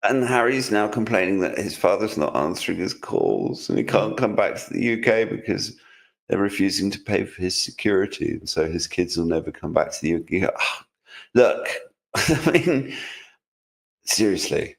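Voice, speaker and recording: A man's voice: sits low, sing-song, normal speed, vocal fry. A man co-hosting a livestream news roundup, exasperated and sarcastic, stumbling over restarts as he talks. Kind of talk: casual sarcastic banter.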